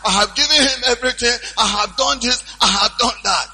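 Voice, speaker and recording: A stern old father played by a preacher hands down commands and verdicts. The voice is bright and high, and a bit husky. It rings through a large church hall. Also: fairly quick, exaggerated voice. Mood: weary.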